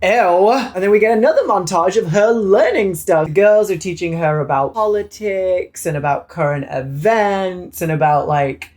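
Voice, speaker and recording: A man's voice: high voice, expressive, normal speed, few pauses, a little mellow. A young man with a British accent, recapping a film in a sassy, camp, swearing manner. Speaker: film reviewer. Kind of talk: casual movie recap.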